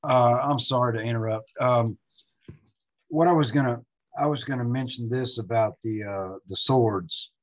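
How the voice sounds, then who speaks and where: A man's voice: mid-range voice, moderate pace, poor audio. A man in an online class offering a hesitant, apologetic comment full of fillers. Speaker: student.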